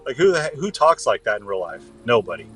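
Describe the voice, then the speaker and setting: A man's voice: fairly low pitch, very animated, quick pace, soft background music, low-quality recording. A man from the US West Coast co-hosting a podcast, talking in a heated, ranting way. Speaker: podcast co-host. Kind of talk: casual political chat.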